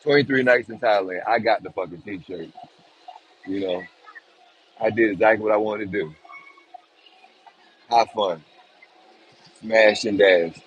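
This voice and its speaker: A man's voice: fairly low pitch, a little slow, long pauses, slight background noise. A man talks straight to his live-stream viewers, loose, rambling and full of profanity. He holds his phone outdoors, so the sound is a little dull and lo-fi. Faint street ambience hums behind him. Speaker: livestream vlogger. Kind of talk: casual live stream chat.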